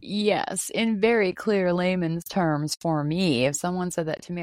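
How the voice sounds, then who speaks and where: A woman hosting a casual chat, frank, expressive and playful. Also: on the low side, a little slow, hardly any pauses, no echo. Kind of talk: casual conversation.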